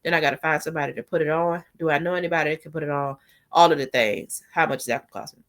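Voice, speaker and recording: A woman's voice: low voice, rapid-fire. A woman in her forties telling a personal story in a casual storytime vlog, chatty and heartfelt, often asking the viewer if they follow. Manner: chatty, heartfelt, leans on "you know what I'm saying". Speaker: vlogger.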